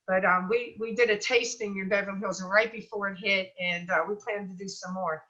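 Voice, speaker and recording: A middle-aged woman chatting as an interview guest, talking in an animated, storytelling way with plenty of fillers. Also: medium pitch, fairly quick, dull audio. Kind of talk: casual interview chat.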